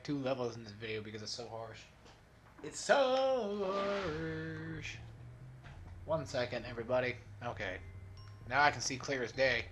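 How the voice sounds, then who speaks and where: A young man with a mid-pitched voice talks over his gameplay in a loose, rambling way. He mocks himself, swears and laughs often, speaking into a desktop microphone. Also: a bit bright. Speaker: let's play host. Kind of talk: casual gameplay commentary.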